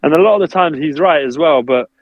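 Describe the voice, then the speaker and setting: Casual male podcast guest, quick chatty talk, dull dry call audio. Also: on the high side, no room sound. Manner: chatty, laughing, acts out family quotes. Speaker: podcast guest, basketball player. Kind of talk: casual interview chat.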